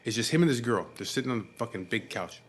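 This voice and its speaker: A man's voice: medium pitch, expressive, fast, a little hiss or hum. A man with a Chicano English accent telling a rambling, profane story from his past in casual speech, full of fillers and restarts.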